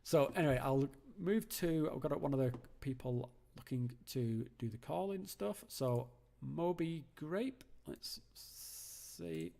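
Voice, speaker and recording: A man hosts a live call-in show from home. He talks casually at a middle pitch, rambling through fillers and restarts. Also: lively intonation, slow pace, vocal fry, dark tone. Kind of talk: casual live-stream chat.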